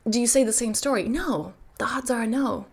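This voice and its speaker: A woman's voice: a little high, moderate pace, creaky, darkish tone, slightly rough. A woman in her thirties, a self-help coach giving a motivational talk to camera, emphatic and full of rhetorical questions.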